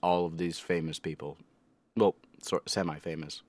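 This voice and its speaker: A man's voice: sits low, steady tone, normal speed, darkish tone, no room sound. Rambling man reacting to anime. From United States. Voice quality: rambling, joking, full of fillers and self-corrections. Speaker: reaction video host. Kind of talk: casual rambling reaction commentary.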